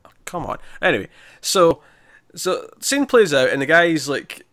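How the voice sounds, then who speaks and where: A man's voice: on the high side, big pitch swings, measured pace, a bit bright, dry recording, studio quality. A man casually recapping a TV episode with a friend, retelling scenes with many restarts and frequent laughs. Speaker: podcast co-host.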